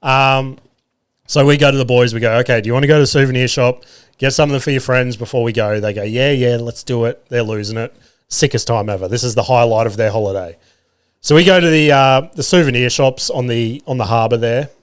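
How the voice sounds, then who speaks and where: An Australian man in his thirties, a podcast host telling casual, animated family stories with swearing and laughter. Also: medium pitch, fast talker, smooth. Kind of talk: casual storytelling.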